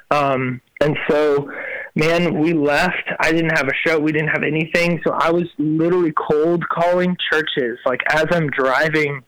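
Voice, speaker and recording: An animated young man recounts his journey as a guest, slipping into quoted voices and using lots of fillers. His voice sits a little high for a man. The sound is dry and close. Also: no room sound, rough recording. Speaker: guest, Christian worship musician. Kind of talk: casual storytelling interview.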